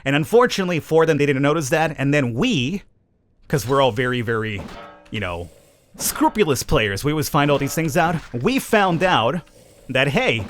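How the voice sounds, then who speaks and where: Gaming YouTuber, male, slightly high voice, loose and chatty play-by-play with light music behind. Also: a bit bright. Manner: chatty, rambling, self-amused. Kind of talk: casual gameplay commentary.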